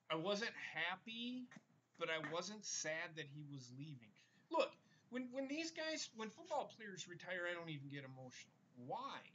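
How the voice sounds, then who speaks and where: A man's voice: sits high, pushed and bright, lo-fi sound, slight background noise. A man hosting a casual podcast, talking bluntly and rambling with the odd curse word. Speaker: podcast host. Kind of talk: casual wrestling podcast chat.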